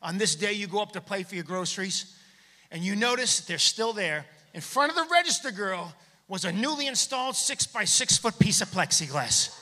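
High, bright stand-up comic in a theater. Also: male voice, normal speed. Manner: animated, acts out shouted bits. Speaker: stand-up comedian. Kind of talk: stand-up comedy set. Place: theater stage. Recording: long hall reverb from a theater.

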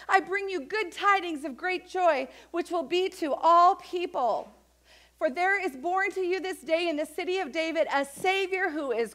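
Woman pastor preaching in church, high voice, animated, acts out little quotes. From United States. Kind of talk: sermon. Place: church sanctuary.

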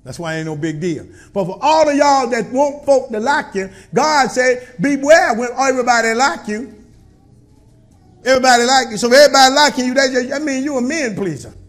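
A man preaching a colloquial sermon in a church style, with call-and-response and shouted peaks. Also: very high-pitched, animated, brisk. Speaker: pastor.

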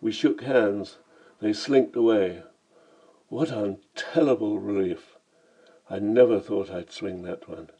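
A man reads his own travel memoir with a vivid, dramatic storyteller's delivery. His voice is low-pitched and mellow, with a warm, dark tone. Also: takes it slowly, slightly rough, rough recording. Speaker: memoir narrator. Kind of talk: narrated memoir reading.

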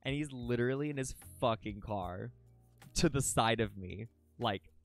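Live on stream, a young man talks casually with his viewers in an unhurried, creaky mid-range voice, with no room echo and faint music in the background. His talk is rambling and emotional, peppered with swearing and restarted sentences.

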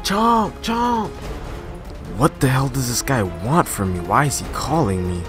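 A young man giving energetic, dramatic gameplay commentary as a gaming YouTuber, talking in a slangy, excitable way. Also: medium pitch, normal speed, music in the background.

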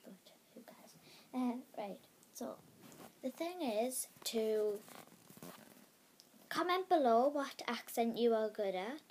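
A woman's voice: fairly high pitch, lively intonation, slow, warm tone. A woman vlogging casually to camera, hesitant and rambling, often dropping to a whisper.

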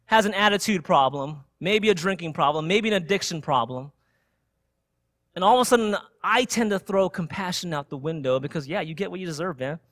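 A young adult man preaching, telling a personal story in an animated way and asking "right?" again and again. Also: high-pitched, no room sound. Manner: animated storytelling with frequent "right?" tag questions. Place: church sanctuary.

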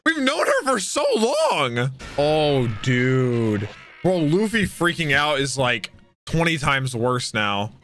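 Young adult, reaction host, loud exclaiming commentary, bright voice, animated pitch. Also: slow pace, faint music behind. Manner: loud, exclaiming, swears often. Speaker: anime reaction channel host.

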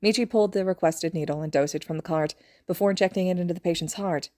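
A woman reading fan fiction aloud as an audiobook narrator, in a steady, even delivery. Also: on the low side, fast talker, dry recording, clean studio sound. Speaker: podfic reader.

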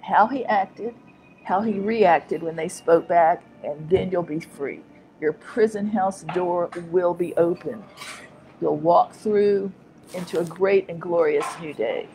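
Middle aged woman minister rambling through a sermon, kinda low voice, keeps repeating stuff for emphasis. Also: slow pace, a little mellow, slight background noise, poor audio. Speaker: minister and teacher. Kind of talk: informal online preaching monologue.

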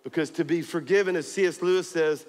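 A man with a bright, high-pitched voice preaching to a church. He tells the story with humor and keeps pushing up to emphatic peaks. A long reverb trails his words around the hall. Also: fast. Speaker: pastor. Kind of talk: sermon. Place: church auditorium.

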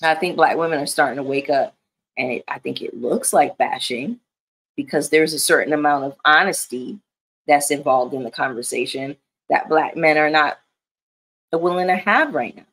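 A woman's voice: low voice, moderate pace, fairly bright tone, slightly rough. A woman in her thirties chatting casually and candidly as a commentary vlogger, emphatic and profane. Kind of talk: casual chat.

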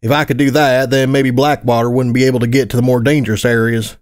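A man reading a first-person story aloud as a narrator, gritty and expressive, with casual swearing. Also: medium pitch, quick pace. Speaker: audiobook narrator.

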